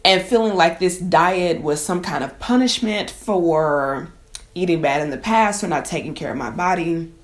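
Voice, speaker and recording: Emotional low-voiced woman chef. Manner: emotional, conversational, addresses viewers as y'all. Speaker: chef and cooking teacher. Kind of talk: personal story to camera.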